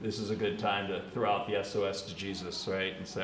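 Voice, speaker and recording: Chatty priest preaching in an echoey church. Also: male voice, on the low side, moderate pace, hardly any pauses, darkish tone, a little hiss or hum. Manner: casual and chatty, laughs and slangy asides. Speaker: Catholic priest. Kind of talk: conversational homily.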